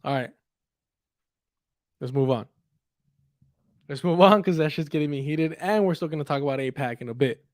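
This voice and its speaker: A man's voice: on the high side, moderate pace, long pauses, darkish tone, no room sound, studio quality. Profane, heated young male commentator. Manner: angry, profane, sarcastic, mocks others in put-on quotes. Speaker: political commentary streamer.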